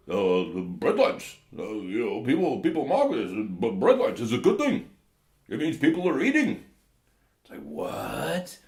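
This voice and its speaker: A man's voice: mid-range voice, reverberant. A man hosting a podcast, giving casual political commentary in a rambling, sarcastic way with lots of fillers. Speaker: podcast host.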